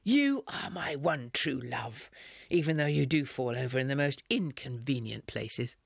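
A man voicing an affectionate young man who teases gently in a soft, half-whispered way. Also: medium pitch, expressive, unhurried, creaky, husky, no echo, studio quality, heavily acted. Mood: teasing.

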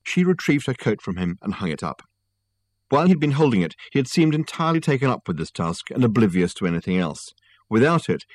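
A man reading a novel aloud in a calm, even manner. His voice is lowish. The recording is close and dry. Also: no echo. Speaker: narrator. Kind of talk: audiobook narration.

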